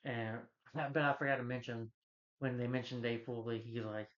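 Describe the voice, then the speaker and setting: Male film reviewer, casual and rambling, mid-pitched voice on a slightly muffled recording. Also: steady tone, moderate pace, a bit bright. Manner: rambling plot retelling with many fillers and restarts.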